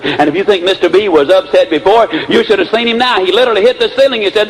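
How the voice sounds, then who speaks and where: A man's voice: high voice, quick pace, hardly any pauses, rough recording. Folksy older man, motivational storyteller. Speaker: motivational speaker.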